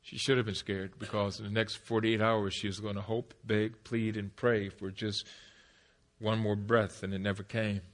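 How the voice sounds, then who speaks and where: A middle-aged man giving a speech to an audience, telling a personal story emphatically. His voice drops to a hush, then rises loud. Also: lowish voice, flat delivery, moderate pace. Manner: emphatic, swings between hushed and loud. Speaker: motivational speaker.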